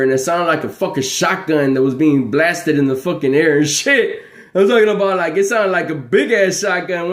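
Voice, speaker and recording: Livestreaming man with a high voice, profane and animated, in an echoey room. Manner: profane, animated, laughing storyteller. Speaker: livestream host. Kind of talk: rambling livestream chat.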